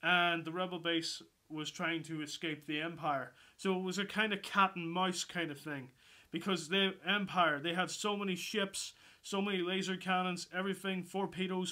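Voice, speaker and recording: Male vlogger, casual film review, sweary and excitable, high pitch, sharp tone. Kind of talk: casual movie review vlog.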